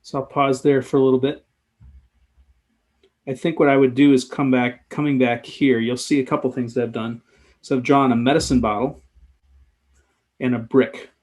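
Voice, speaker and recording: A man's voice: mid-range voice, level tone, normal speed, long pauses, darkish tone. A man giving live commentary in a drawing tutorial, talking casually and thinking aloud as he sketches. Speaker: sketchnoting instructor.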